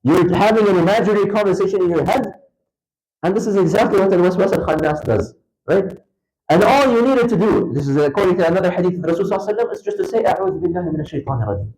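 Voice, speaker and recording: Animated man giving a mosque lecture. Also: very fast, rough recording. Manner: animated, emphatic storytelling with wide pitch swings; conversational, addresses listeners directly. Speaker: Islamic lecturer. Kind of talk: classroom religious lecture. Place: mosque lecture hall, indoors.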